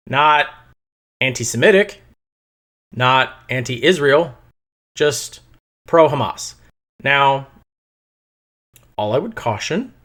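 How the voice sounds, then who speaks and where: A man's voice: a little high, fairly bright tone. A man hosting a podcast, delivering solo political commentary in a profane, angry rant that he breaks up with mocking put-on voices. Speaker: podcast host.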